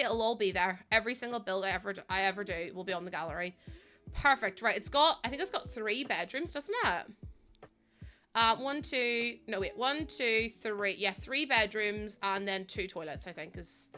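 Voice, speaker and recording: A woman's voice: mid-range voice, moderate pace. A woman live-streaming a building game, chatting to her viewers and often exclaiming and laughing. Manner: animated, exclaims and laughs often, talks to chat.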